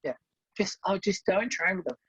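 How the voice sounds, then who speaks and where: A woman's voice: mid-range voice, lively intonation, moderate pace, slightly rough, dry recording. A woman, co-hosting a casual chat, blunt and swearing freely as she acts out stories. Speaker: podcast co-host. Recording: dull lo-fi sound.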